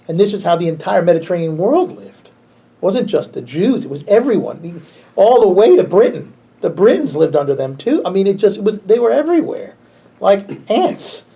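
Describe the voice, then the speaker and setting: A pastor teaches a church Bible class in a loose, conversational way, breaking into chuckles and circling back over his words. He is a man with a fairly high voice that carries plenty of gravelly fry. His tone stays dark and mellow. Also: normal speed. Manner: relaxed, chuckles often, frequent restarts.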